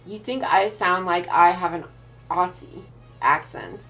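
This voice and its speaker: Streamer lady w/ pacific northwest accent, slow easy talk, bit of vocal fry, quiet music behind. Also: fairly low pitch. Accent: Pacific Northwest American. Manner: relaxed, thinks aloud with restarts while reading chat. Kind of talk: casual chat answering viewers.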